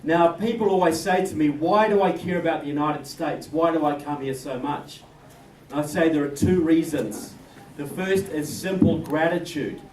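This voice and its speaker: A man's voice: a little high, moderate pace, darkish tone, a little hiss or hum. A man with a New Zealand accent giving an emphatic political speech to an audience, joking and calling them folks. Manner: emphatic, jokey, addresses crowd as folks. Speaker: guest speaker. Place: indoor event room. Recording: distant roomy mic with crowd.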